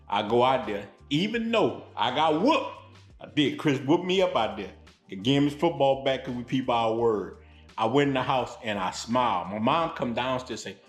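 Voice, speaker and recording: A man from Louisiana telling stories on his vlog in a blunt, animated, street-style way. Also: medium pitch, fairly quick, reverberant, soft background music. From Louisiana, United States. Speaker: vlogger. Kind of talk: storytelling vlog.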